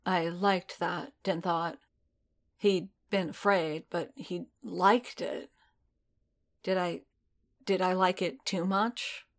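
A woman reading a piece of fan fiction aloud in steady, measured storytelling. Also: lowish voice. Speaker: audiobook narrator.

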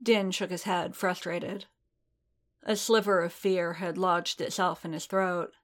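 A woman reading story narration aloud in an even, steady manner. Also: lowish voice, measured pace. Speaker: reader. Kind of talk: audiobook narration of fan fiction.

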